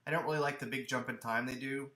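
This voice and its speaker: A man co-hosting a movie podcast in casual chat. He talks with animated energy and often restarts his sentences. His voice is bright and forceful, and it rings in an echoey room. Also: medium pitch, fast. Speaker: podcast co-host. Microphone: headphones and studio mic.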